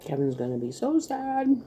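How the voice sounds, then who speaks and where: A woman's voice: mid-range voice, warm tone, slight background noise. A woman hosting a casual eating vlog, chatting while she eats and laughing often. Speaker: vlog host. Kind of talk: casual mukbang chat.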